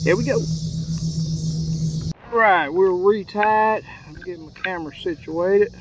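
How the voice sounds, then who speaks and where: Out on a lake in his boat, a man from Texas talks easily to his audience, drawling and saying y'all as he fishes. He has a high voice and a measured pace, with a little hiss or hum on the audio.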